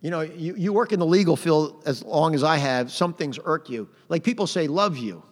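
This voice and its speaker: A middle-aged man preaching a sermon in a conversational way, punching out phrases loudly and adding "amen". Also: a little high, brisk. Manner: conversational preaching with sudden loud emphatic phrases and frequent "amen". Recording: long hall reverb.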